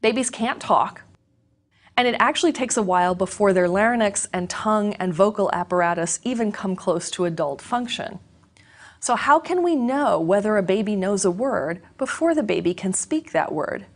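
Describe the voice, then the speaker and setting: Woman lecturer, mid-range voice, clear measured explanatory read. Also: medium pitch, animated. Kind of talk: scripted educational lecture.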